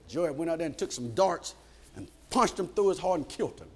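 A man preaching a sermon in an animated call-and-response style, acting out the voices in the stories he tells. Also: a little high, normal speed.

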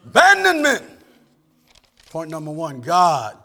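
A man, a pastor, a sermon in a call-and-response style, often asking "amen?" and swinging from soft asides to shouted lines. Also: high voice, big pitch swings, moderate pace.

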